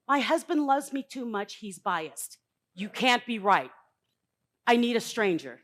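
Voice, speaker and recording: A middle-aged woman speaks on a conference stage in a live motivational talk. Her voice sits a little high, and she talks bluntly and emphatically. She swings between loud, punchy lines and quiet asides. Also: animated, takes it slowly, long pauses.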